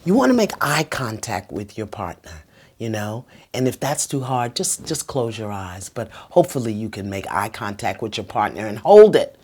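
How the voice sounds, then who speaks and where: Middle-aged female advice host, very deep voice, emphatic and preachy, dips to a hush. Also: big pitch swings, moderate pace, breathy edge. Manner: emphatic and preachy, drops to a soft whisper when speaking the phrases. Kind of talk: talking straight to the viewer with tips.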